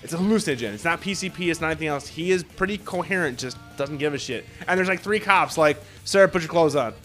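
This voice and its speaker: A man's voice: fairly high pitch, lively intonation, fast, bright, forceful tone, faint music behind. A man hosting a podcast, rambling through stories with lots of swearing and filler words. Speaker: podcast host. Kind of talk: casual podcast chat.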